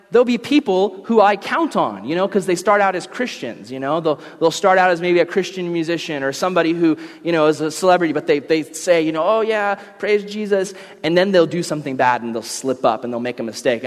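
A young man preaching a casual, animated sermon, telling stories and slipping into character voices. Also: fairly high pitch. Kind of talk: casual sermon with acted-out scenes. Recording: long reverb.

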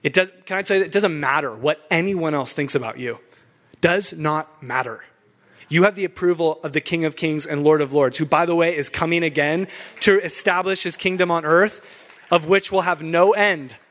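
A man's voice: a little high, normal speed, fairly bright tone. Fired-up young male pastor preaching. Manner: fired-up, emphatic, laughs between points. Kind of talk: sermon.

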